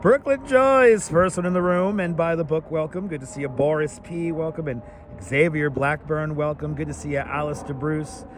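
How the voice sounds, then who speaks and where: A hoarse-voiced man hosting a live walking stream outdoors, rattling off viewer names and welcomes on a clip-on mic. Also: fairly high pitch, steady tone, moderate pace, few pauses, slight background noise. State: scratchy, hoarse voice. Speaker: livestream host. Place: outdoors on city streets. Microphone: wireless clip-on mic.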